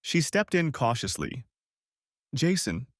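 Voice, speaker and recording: A middle-aged man reading a first-person story as an audiobook narrator, steady and earnest. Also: lowish voice, normal speed, no room sound, studio quality.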